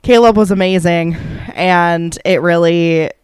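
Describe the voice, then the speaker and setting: A woman's voice: fairly low pitch, fairly even intonation, unhurried, smooth, dry recording. Upbeat woman telling stories on a podcast. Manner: enthusiastic storyteller, supportive and teasing. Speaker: podcast co-host. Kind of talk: casual podcast chat.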